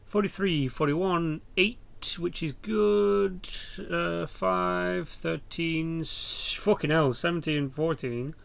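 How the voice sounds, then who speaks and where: A man's voice: fairly high pitch, takes it slowly, gravelly, hardly any pauses. A young British man rambling through casual, sweary game commentary as a channel host. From Britain.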